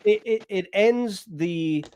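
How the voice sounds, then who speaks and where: Male podcast host, a touch high-pitched, easy curious questioning. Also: slight background noise. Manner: relaxed, curious questions, quick reactions. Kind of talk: casual chat.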